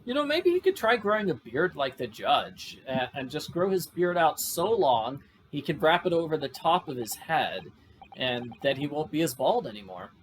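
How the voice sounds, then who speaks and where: A man's voice: a little high, moderate pace, a little hiss or hum. A man giving casual, jokey commentary over a video game walkthrough. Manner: jokey, animated reactions. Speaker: let's play host.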